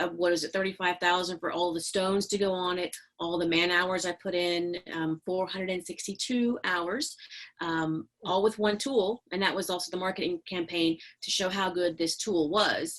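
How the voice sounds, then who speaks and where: A middle-aged woman, a podcast guest, telling stories in casual interview talk, chatty and animated with many fillers and laughs. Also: lowish voice. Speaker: podcast guest, business owner.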